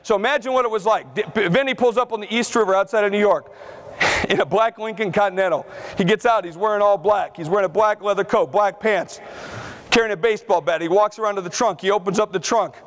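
A man giving a conference keynote on stage, telling stories in a brash, punchy way and bursting into shouts. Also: high-pitched, fast talker. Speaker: keynote speaker. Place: conference hall before a live audience.

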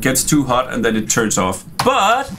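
Gravelly-voiced male game developer. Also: mid-range voice, a little slow, over music. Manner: relaxed, explains builds while playing. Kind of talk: casual gameplay commentary. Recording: clear background noise.

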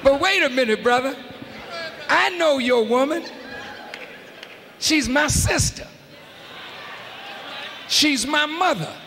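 High-pitched shouting preacher man. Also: slow pace, long pauses. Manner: shouting, emphatic, calls out to the audience. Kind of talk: fiery sermon. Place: large arena hall. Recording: live arena hall with faint crowd noise.

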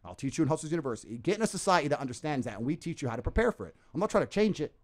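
A man ranting as a podcast guest in a forceful, profane, emphatic way. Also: fairly high pitch, big pitch swings, racing. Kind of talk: ranting casual talk.

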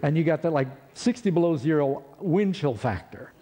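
A man's voice: fairly high pitch, normal speed. A man telling a personal story in a sermon, acting out the quotes of the people in it. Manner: animated storyteller, acts out quotes. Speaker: preacher. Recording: long hall reverb.

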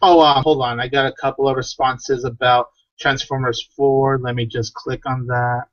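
A man's voice: medium pitch, little pitch movement, moderate pace, a bit bright, dry recording. A man co-hosting a casual livestream, reading out viewers' questions and chatting. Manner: reads viewer questions aloud. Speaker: livestream co-host. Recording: dull lo-fi stream audio.

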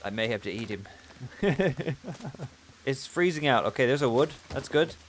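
A man hosting a gaming video, giving playful, self-mocking let's-play commentary that breaks into loud excited yelps. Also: mid-range voice, unhurried, a little hiss or hum. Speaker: gaming channel host.

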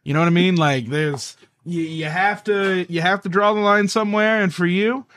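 A man's voice: high-pitched, normal speed, a bit bright. A man co-hosting a casual podcast, talkative and blunt with crude jokes. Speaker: podcast co-host.

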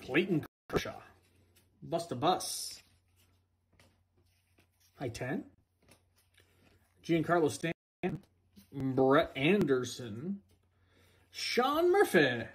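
Slow, singsong man calling out cards. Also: fairly high pitch, big pitch swings. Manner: slow, singsong name-calling with playful asides. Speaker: card breaker. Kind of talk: reading out cards during a box break.

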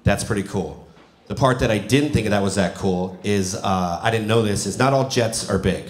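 A man's voice: on the low side, normal speed. A man in his forties doing a stand-up comedy set, telling self-mocking stories and acting out the dialogue. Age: 40s. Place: comedy club stage before a live audience. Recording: roomy live venue with crowd noise.

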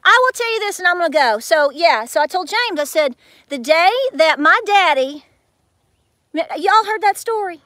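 A woman's voice: very high voice, expressive, normal speed, sharp tone, no room sound, studio quality. A woman telling a story to her viewers in a chatty way, acting out quotes with big swings in her voice. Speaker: homestead vlogger.

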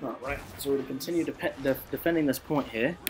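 A young man giving excitable gameplay commentary, swearing often and laughing a lot. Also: mid-range voice, fast, over music. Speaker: gamer.

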